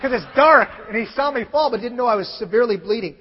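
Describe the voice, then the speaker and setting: A pastor preaching a sermon, telling a story in an animated way and acting out other people's lines, sometimes building up to shouts. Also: male voice, extremely high pitch, quick pace, slight background noise. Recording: long hall reverb, dull lo-fi sound.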